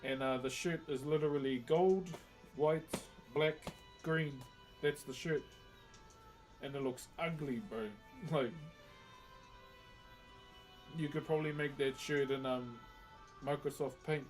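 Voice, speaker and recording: Speaking slowly with long pauses, a New Zealand man carves wood on a live stream, his slightly high voice fairly even in intonation. Faint music runs in the background. He's relaxed and chatty, reads out what viewers write, laughs often and calls people "bro" nonstop.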